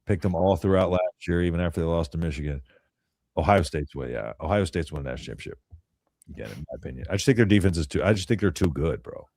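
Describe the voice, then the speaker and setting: A young man co-hosting a sports call-in show, talking in a casual, opinionated, rambling way and often clearing his throat. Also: deep voice, fast talker, darkish tone, no room sound.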